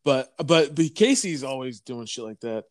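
A man's voice: mid-range voice, animated, normal speed, no echo. A man telling a story in a casual chat, rambling with many restarts. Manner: rambling, lots of fillers and restarts.

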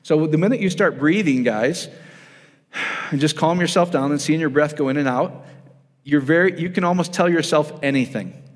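Casual preacher in a reverberant hall. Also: male voice, a little high, moderate pace. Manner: casual, asks the audience questions, addresses them as guys. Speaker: pastor. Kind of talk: conversational sermon. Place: church hall.

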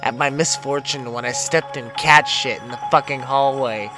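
A man's voice: medium pitch, expressive, normal speed, few pauses. A man hosting a breathing and laughter session, giving exercise instructions in an exaggerated coaching manner. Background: music.

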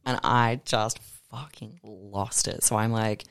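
A young man, chatting animatedly as a podcast guest, swearing freely and reading poems with slow force. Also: on the low side, fairly even intonation, creaky, a bit bright, smooth, no room sound, studio quality. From Australia. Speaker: guest artist and poet. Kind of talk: casual podcast chat.

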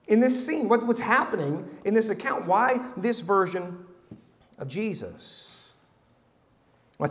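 A male pastor preaches with animated, humorous delivery, moving between loud and hushed. His voice sits high. A long reverb hangs in the hall around him. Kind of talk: sermon.

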